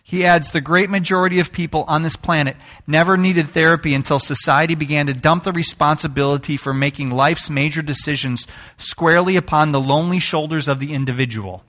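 Bright-voiced man preaching a sermon. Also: fairly high pitch, fairly even intonation, fairly quick. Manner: conversational, with playful put-on greetings. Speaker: pastor.

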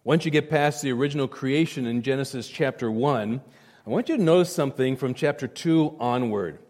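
A man's voice: medium pitch, fairly quick, a little mellow, in a large hall. A male pastor preaching a sermon emphatically, with repeated phrases and direct appeals to his listeners.

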